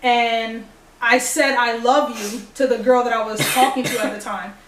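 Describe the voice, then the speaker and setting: Speaking to the camera at a normal speed, a young vlogger with a fairly high voice recounts something that happened to her, performing the dialogue with animation. There's slight background noise, and the audio has an echoey room sound from a far-off mic.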